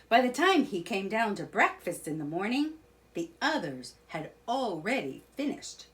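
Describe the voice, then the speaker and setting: A woman reads a children's storybook aloud, narrating slowly and clearly. Her voice rises and falls a lot, which keeps the telling lively. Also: on the low side.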